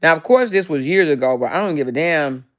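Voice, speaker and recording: A woman hosting a casual livestream, chatting with viewers and reading their comments in an animated, salty way, with lots of "child" and "baby.". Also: sits low, brisk. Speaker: livestream host.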